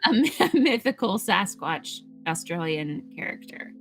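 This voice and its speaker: A woman chatting casually while playing a game, playful and quick to laugh. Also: mid-range voice, big pitch swings, over music. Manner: giggly, playful, lots of laughing. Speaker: game streamer.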